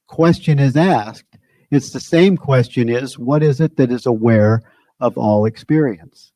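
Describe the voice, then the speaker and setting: Mellow man giving a searching spiritual talk. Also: medium pitch, dry recording. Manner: conversational, searching, circles back on phrases. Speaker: spiritual teacher. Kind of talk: informal spiritual teaching talk.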